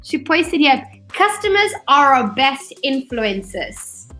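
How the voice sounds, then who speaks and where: A woman's voice: high-pitched, slow pace, faint music behind. A woman hosting a webinar over a video call, talking casually and animatedly, often acting out what people said. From not from Australia; studied there. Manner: animated, chatty, acts out quotes. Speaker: webinar host.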